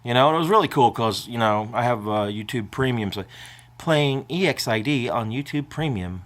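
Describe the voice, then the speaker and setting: A man's voice: medium pitch, animated, normal speed, a bit bright. An older man vlogging in a casual, rambling way, emotional and prone to choking up as he talks.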